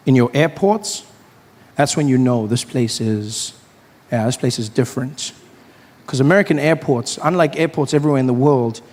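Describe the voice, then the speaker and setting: A man performing a stand-up comedy routine, talking animatedly and acting out characters with big shouted voices. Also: a little high. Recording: live stage recording with crowd. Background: audience laughter.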